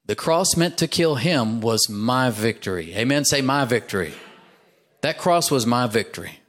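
A man's voice: medium pitch, expressive, normal speed, a bit bright. A man preaching from the pulpit of a church, with a middle-range voice. His delivery is conversational and direct, and it climbs into emphatic, rising lists before settling back down. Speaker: pastor. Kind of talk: sermon. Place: church sanctuary.

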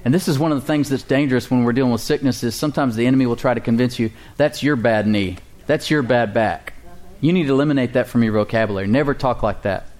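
Man, preacher, sermon, conversational, asks for amens, middle pitch. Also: very fast, hardly any pauses, a little mellow. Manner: conversational preaching with call-and-response and chuckles. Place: church congregation.

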